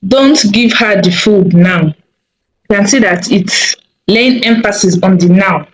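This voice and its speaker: A woman teaching a coding tutorial over a screen recording, thinking aloud slowly with many fillers and small self-corrections. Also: medium pitch, a little hiss or hum, rough recording.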